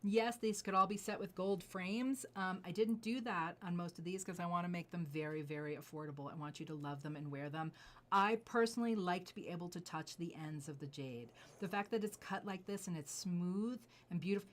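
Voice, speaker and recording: A middle-aged woman, a jewelry designer, showing off her pieces in an effusive, gushing way, often dropping to soft asides. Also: lowish voice. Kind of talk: enthusiastic product showcase.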